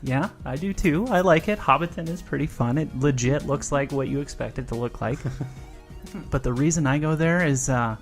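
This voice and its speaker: Laughing, rambling podcast guest. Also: female voice, very deep voice, moderate pace, soft background music. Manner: rambling, laughs often, trails off. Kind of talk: casual chat.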